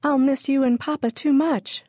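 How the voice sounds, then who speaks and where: A woman's voice: fairly even intonation, moderate pace, mellow, no echo, clean studio sound, lightly acted. A woman voicing a proud, spirited seven-year-old girl who is scared of storms, in a storybook reading. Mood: childlike. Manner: eager, high childlike delivery.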